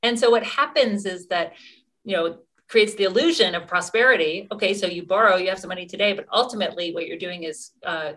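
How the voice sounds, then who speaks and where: A middle-aged woman, an activist appearing as a guest, answers interview questions earnestly. Her mid-range voice has a sharp tone, and she uses many fillers and restarts.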